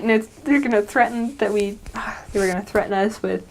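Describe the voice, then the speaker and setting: A woman's voice: medium pitch, normal speed, vocal fry, slight background noise. A young woman, a returned missionary, telling personal stories casually, laughing often and acting out the people she quotes. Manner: animated, laughs often, acts out quoted voices. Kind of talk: personal storytelling.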